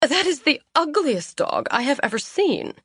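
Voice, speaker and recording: A woman puts on a sniffy, snooty rich-lady voice, pitched above her own in a high, sing-song register at normal speed. She sounds haughty and disdainful, with a fairly bright tone and clean studio sound free of room noise.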